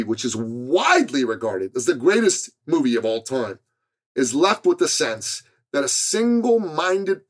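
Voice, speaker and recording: A man hosting a podcast, delivering an earnest, emphatic, scripted motivational monologue. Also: mid-range voice. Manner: earnest and emphatic, with a preacher-like build. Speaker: podcast host.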